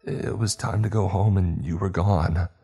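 A man's voice: low voice, fairly even intonation, drawn-out words, gravelly, mellow, breathy edge, faint music behind, pitched above the performer's own voice, exaggerated voice. A man voicing a frightened, emaciated office worker who stammers in a shaky voice. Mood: shaken.

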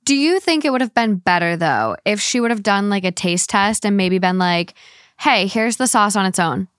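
A young woman hosting a podcast in casual chat, blunt and quick to swear. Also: medium pitch, animated, fairly bright tone, no echo, clean studio sound. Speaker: podcast host.

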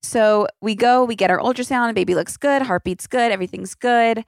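A woman's voice: a little high, a little fast, gravelly, dry recording, clean studio sound. A woman around thirty hosting a casual solo podcast, rambling and chatty with lots of filler words and casual swearing. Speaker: podcast host.

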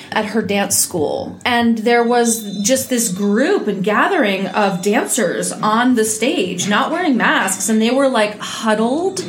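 A woman hosting her own podcast from home, talking in a blunt, heated and profane way, still recovering from an illness. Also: on the high side. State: recovering from illness, may cough. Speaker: podcast host. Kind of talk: casual solo podcast monologue.

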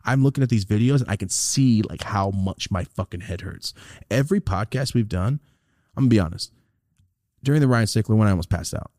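A man's voice: lowish voice, fairly quick, no room sound, clean studio sound. A man hosting a podcast, chatting casually and swearing a lot, telling stories and acting out what people said. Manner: animated storytelling, swears a lot, acts out quotes. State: recovering from a sinus infection. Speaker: podcast host.

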